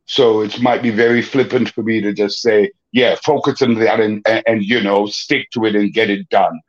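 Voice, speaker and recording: An older man, a guest actor and painter, speaking reflectively in an interview, with many halting fillers and restarts. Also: fairly low pitch, fairly even intonation, muffled recording. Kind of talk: interview conversation.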